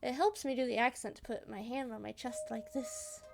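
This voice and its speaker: A woman playing a narrative game aloud, excitable and prone to swearing and laughing outbursts. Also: a little high, brisk, vocal fry. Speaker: gaming streamer. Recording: game music under the voice. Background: game music.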